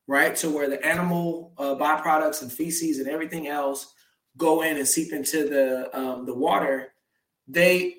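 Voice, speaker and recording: A man who works as a faith-based life coach, telling stories in an emphatic, preachy manner. His voice sits a little high for a man. He is picked up from some distance in an echoey room. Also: a bit bright. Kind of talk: casual conversational interview. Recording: roomy, slightly distant sound.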